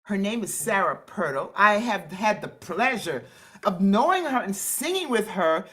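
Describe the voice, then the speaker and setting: A woman's voice: medium pitch, sing-song, a little slow, a bit bright, breathy edge. A woman hosting an online sing-along. She greets each guest on the video call with exuberant whoops. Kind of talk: welcoming roll call on a video call.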